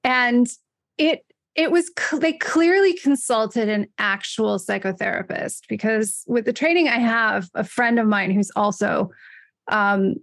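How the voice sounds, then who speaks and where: A woman hosting a podcast, chatting in a bubbly, animated way and laughing often. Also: fairly high pitch, unhurried, dry recording, clean studio sound. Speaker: podcast host. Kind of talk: casual podcast conversation.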